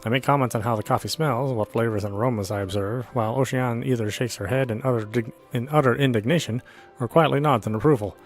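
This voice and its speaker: A man's voice: medium pitch, quick pace. A man reading a visual novel aloud in an earnest first-person narration. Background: faint background music.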